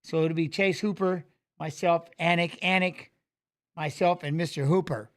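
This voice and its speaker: High-voiced chatty man hosting a livestream. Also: steady tone, normal speed. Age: 40s. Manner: rambling, chatty, greets viewers by name. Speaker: livestream host. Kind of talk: casual livestream chat.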